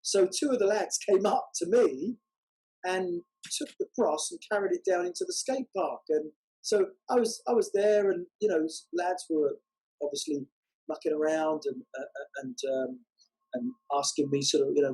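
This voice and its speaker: A man telling a testimony story as a guest, unhurried and halting with many fillers. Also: on the high side, lively intonation, darkish tone, slightly rough, poor audio. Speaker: guest, walking evangelist.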